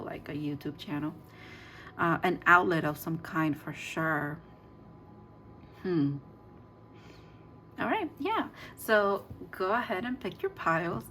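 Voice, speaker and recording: Woman, tarot reader, low-pitched, rambly casual delivery, faint hiss behind. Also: a bit bright. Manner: chatty, rambling with many fillers and restarts.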